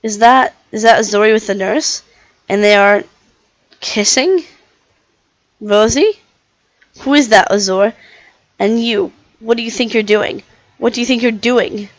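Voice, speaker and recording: A woman's voice: fairly high pitch, measured pace, pauses often, no room sound, lightly acted, rough recording. A woman voicing a lovesick young woman who wakes in a hospital, reading a visual novel aloud with small restarts. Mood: anxious.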